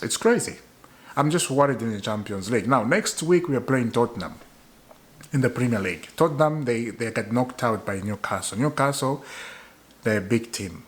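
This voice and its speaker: A man's voice: mid-range voice, lively intonation, normal speed. A young man giving a casual fan rant to camera, exasperated and repeating his points for emphasis. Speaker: football fan vlogger.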